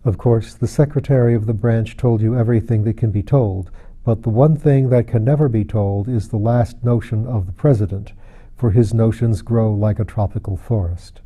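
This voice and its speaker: A man voicing a grave, melancholy male anarchist secretary who speaks with flat, lifeless civility. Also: lowish voice, moderate pace, voice pushed down, close to an everyday voice. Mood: dead calm.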